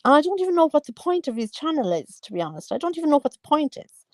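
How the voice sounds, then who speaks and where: A woman's voice: high voice, very animated, quick pace, a little mellow, dry recording. A woman, gossiping casually about online videos and exclaiming often. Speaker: commentary vlogger. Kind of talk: casual chat.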